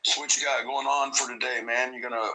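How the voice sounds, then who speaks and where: A man in relaxed, profane casual chat as a podcast guest. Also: mid-range voice, fast talker, poor audio. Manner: laid-back, profane, agreeable.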